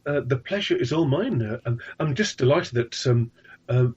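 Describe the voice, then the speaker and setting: A man's voice: mid-range voice, lively intonation, normal speed, a little mellow, husky, lo-fi sound. An English man, a tour guide and author, chatting politely and eagerly as a guest, often ending with "really". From England. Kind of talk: casual interview chat.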